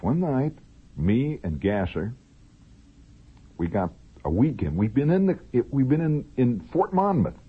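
A man's voice: medium pitch, big pitch swings, husky. A man telling a long, digressive, humorous story in a rambling radio monologue. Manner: digressive, humorous, drawn-out asides. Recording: narrow lo-fi old radio recording.

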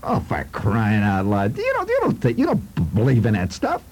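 A man voicing a gruff, skeptical working father who blusters in exasperation. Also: on the low side, huge pitch swings, normal speed, darkish tone, exaggerated voice. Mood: grumbling.

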